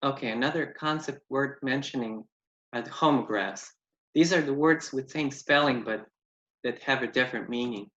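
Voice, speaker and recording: A man's voice: medium pitch, moderate pace, a bit bright. A man giving a class presentation on phonetics, explaining terms and reading out lists of example words. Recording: dull, echoey room sound.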